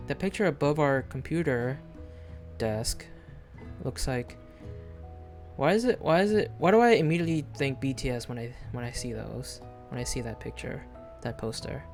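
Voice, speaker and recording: A man streaming a video game live, chatting casually in a rambling, hesitant way with lots of fillers and restarts. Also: mid-range voice.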